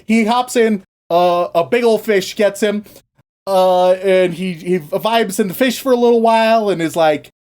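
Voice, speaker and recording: A man co-hosting a podcast, casually retelling a story with lots of swearing and quick acted-out asides. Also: high voice, a little mellow. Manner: profane, playful, acts out characters in quick asides. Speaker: podcast co-host.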